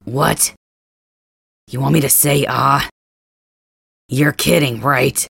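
A man voicing a gruff, teasing young male cat hybrid in an ASMR role-play, grumbling and blunt, with a gravelly, husky voice, close to the mic. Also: medium pitch, steady tone, slow, a bit bright, no room sound, heavily acted.

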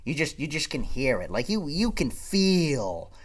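Brief: man from Maine, comic rant, slightly high voice, exasperated, curses freely. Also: big pitch swings, a little slow. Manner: exasperated, swearing, repeats himself. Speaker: comedic storyteller. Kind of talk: profane comedic rant monologue.

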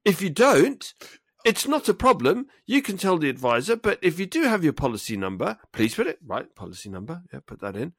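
Animated ranting man, podcast co-host. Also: fairly high pitch, a little fast, breathy edge, no room sound, studio quality. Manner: ranting, acts out quoted call-centre lines. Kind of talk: casual chat.

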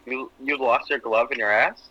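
A man's voice: mid-range voice, moderate pace, highs cut off, a crowd in the background. A man co-hosting a podcast over a video call, cracking crude jokes in casual chat. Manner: joking, crude, animated. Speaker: podcast co-host.

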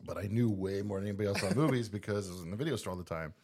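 A man guesting on a casual podcast, telling excited childhood stories with laughter and impersonated quotes. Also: on the low side, racing, slightly rough.

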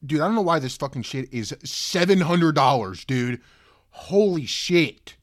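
A young man hosting a casual solo podcast who rambles, swears and breaks into loud, disbelieving outbursts. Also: fairly high pitch, lively intonation, normal speed, dry recording. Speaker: podcast host.

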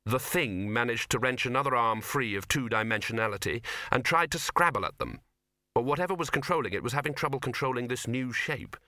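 In a clean, dry studio recording, a man with a mid-range voice reads an audiobook aloud. His scripted narration is steady and measured.

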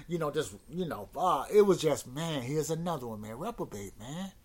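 A man's voice: on the high side, animated, normal speed, few pauses, darkish tone. A man hosting his own podcast, telling stories in a rambling, repetitive and exasperated rant. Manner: rambling, repeats words, exasperated. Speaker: podcast host. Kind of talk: casual monologue rant.

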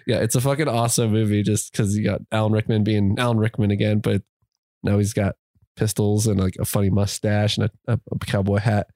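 A man's voice: fairly low pitch, flat delivery, a little fast, a little mellow, dry recording, clean studio sound. A man co-hosting a podcast, chatting casually and retelling movie plots in a rambling way. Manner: rambling storytelling with laughs. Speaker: podcast co-host. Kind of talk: casual chat.

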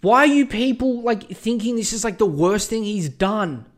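A man's voice: sits high, moderate pace. A man hosting a podcast, ranting casually and profanely, rambling with many fillers. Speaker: podcast host. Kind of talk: casual rant.

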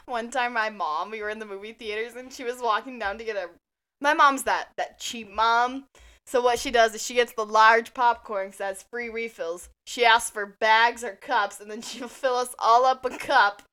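A woman in her twenties co-hosting a podcast, telling stories in an animated, teasing way with lots of swearing. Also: fairly high pitch, moderate pace. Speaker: podcast co-host. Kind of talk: casual chat.

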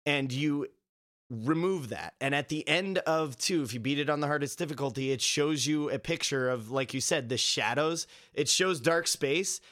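A young man chats on a gaming podcast in a slightly raised voice. He gets animated as he tells the story and slips into quick impressions of the characters. He swears casually throughout. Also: fairly high pitch. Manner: animated, acts out quoted characters, swears freely. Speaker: podcast co-host.

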